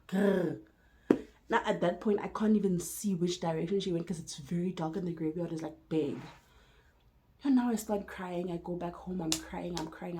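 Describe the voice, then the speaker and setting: A woman's voice: lowish voice, rough recording. A young South African woman with a South African accent telling a personal story to her viewers, acting out the dialogue and slipping into Sesotho. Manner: animated retelling, acting out dialogue, switching into Sesotho. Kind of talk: storytime vlog.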